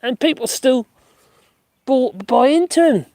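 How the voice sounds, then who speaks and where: A man's voice: extremely high pitch, animated, unhurried, a little mellow, dry recording, studio quality. A middle-aged man, hosting a casual live stream, chatting, laughing often and making mocking asides as he reads out comments. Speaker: live-stream host reading chat. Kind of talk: casual chat.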